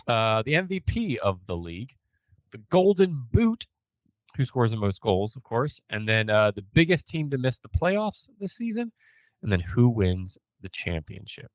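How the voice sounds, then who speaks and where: A man's voice: mid-range voice, big pitch swings, measured pace, no room sound. A man hosting a podcast in casual chat, rambling a little with fillers as he talks. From United States. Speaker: podcast host.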